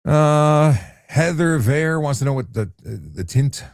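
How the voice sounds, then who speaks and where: A man, a traffic cop, hosting a relaxed late-night live chat and answering viewer questions in an easygoing way, often repeating words as he restarts. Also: on the high side, slow pace, creaky, no echo, studio quality. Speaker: traffic cop and livestream host.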